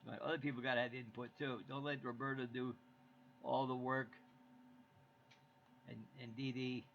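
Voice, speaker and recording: American guy rambling on his live stream, gravelly, kinda muffled lo-fi audio. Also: mid-range voice, flat delivery, normal speed, a bit bright. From United States. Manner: rambling, jokey, chatty. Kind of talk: casual chat to viewers. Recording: dull lo-fi stream audio with faint hiss.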